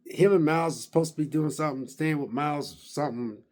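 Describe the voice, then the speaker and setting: A man with a somewhat higher voice recaps a game he finally finished. He rambles casually, full of "uh" and "you know," backing up and restarting his sentences. His excitement comes through as he pushes to get the whole story out. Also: quick pace. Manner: excited and emphatic about finishing. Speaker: gaming vlogger.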